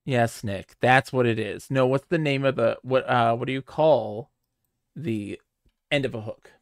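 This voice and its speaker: A man's voice: mid-range voice, measured pace, no echo, studio quality. A man streaming a text adventure, thinking aloud with lots of hesitation and wry jokes. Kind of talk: casual chat while playing a game.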